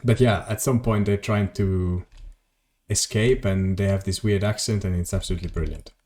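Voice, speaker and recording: A man's voice: sits low, steady tone, normal speed, darkish tone. A man streaming a video game, rambling casually to his chat and swearing at mishaps. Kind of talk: casual gameplay commentary.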